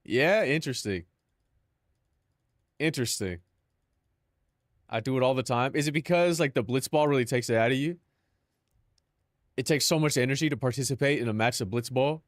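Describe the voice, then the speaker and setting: A man's voice: mid-range voice, moderate pace, pauses often, dry recording, studio quality. A young man chatting casually on a live stream, joking and mock-dramatic with lots of filler words.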